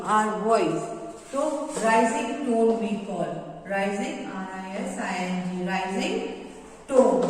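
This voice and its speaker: An Indian English woman teaching children. She talks slowly, repeats herself and fills pauses. Her slightly high voice rings through a room with heavy, long reverb. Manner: explains slowly with many fillers and repetitions. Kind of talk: classroom lesson to children.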